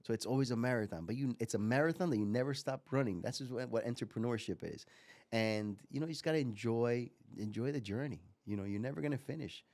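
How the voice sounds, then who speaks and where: A man in his forties from Miami, a guest entrepreneur telling lively stories and often repeating words. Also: medium pitch, quick pace. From Miami, USA. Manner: animated storyteller, repeats words as he goes. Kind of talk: casual interview talk.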